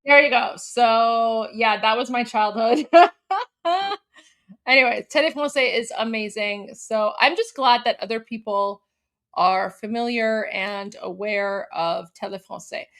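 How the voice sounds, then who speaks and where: A woman in her forties from Canada hosts a casual live stream. She talks in a chatty, giggly way and packs her sentences with fillers. Her voice sits a little higher than most women's. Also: a little slow, fairly bright tone. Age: 40s. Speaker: livestream host.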